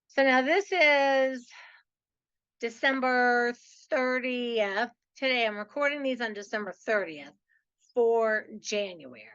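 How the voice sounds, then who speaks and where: Upbeat woman host with a bright, slightly high voice, chatty and keen, recorded on muffled lo-fi audio. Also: smooth. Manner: chatty, enthusiastic, says "like" and "so" often. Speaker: podcast host. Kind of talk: upbeat podcast monologue.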